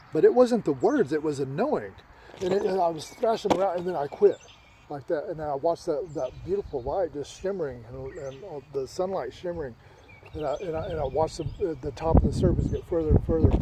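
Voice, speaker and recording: A man's voice: on the high side, noisy background. A man telling a childhood story in a casual, rambling way, repeating words and restarting often.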